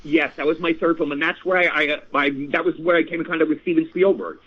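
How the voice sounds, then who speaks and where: A man in his sixties, an actor guest telling stories in a casual interview, animated and repeating phrases. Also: on the high side, fast. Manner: animated, repeats phrases, addresses host by name. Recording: tinny phone line.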